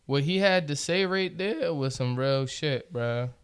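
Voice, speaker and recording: A man with a somewhat high, smooth, resonant voice talks on a podcast. He is casual and laid-back, full of slang and swearing. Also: animated, measured pace. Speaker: podcast host. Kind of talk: casual chat.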